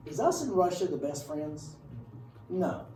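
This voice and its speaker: A man teaching history to a class, talking loosely and breaking off into wry, joking asides. His voice is a touch higher than most men's, with a mellow, dark tone. It is picked up from across an echoey classroom with a faint hum of room noise. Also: big pitch swings, unhurried, far from the mic. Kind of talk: casual classroom lecture. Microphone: far camera.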